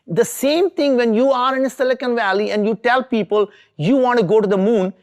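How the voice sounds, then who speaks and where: A middle-aged Indian entrepreneur gives an earnest, emphatic motivational talk, repeating points for stress. He speaks at normal speed in a very high voice.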